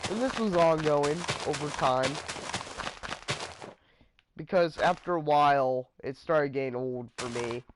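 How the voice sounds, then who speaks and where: A man's voice: a little high, a little slow, pauses often, noisy background. A man casually telling a story about his friends in a rambling vlog, trailing off with fillers.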